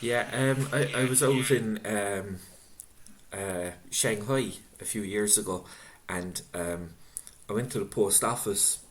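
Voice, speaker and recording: Male moderator, middle-aged, unhurried and reflective, light dry humor, video-call sound. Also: lowish voice, a little hiss or hum. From Ireland. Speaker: author interviewer reading audience questions. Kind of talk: casual book-event conversation.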